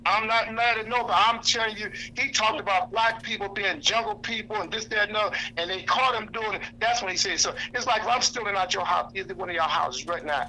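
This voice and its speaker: A man's voice: sits high, fast talker, few pauses, sharp tone, slight background noise, poor audio. A man giving an impassioned, blunt speech to a lunch audience, preaching, quoting scripture and repeating himself for emphasis. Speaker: activist speaker. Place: indoor lunch gathering.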